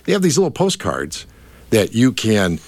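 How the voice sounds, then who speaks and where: Minnesota guy with a lowish voice, rambly radio chat, dry sound. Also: wildly swooping pitch, moderate pace, creaky, a little mellow, dry recording. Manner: rambling, restarts, trailing. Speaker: radio guest. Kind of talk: casual chat.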